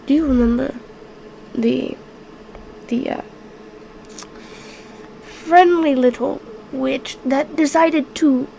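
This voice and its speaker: A woman's voice: high voice, slow pace, vocal fry, long pauses, warm tone, slight background noise, full character voice, low-quality recording. A woman voicing an imprisoned male vampire hunter in a tabletop game, drawling and sarcastic with plenty of swearing. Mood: bitter. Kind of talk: tabletop role-play.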